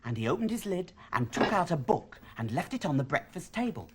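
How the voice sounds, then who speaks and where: A woman voicing a patient, friendly puppet storyteller in a children's show, telling the tale with lively character voices. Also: sits low, fairly quick, very noisy.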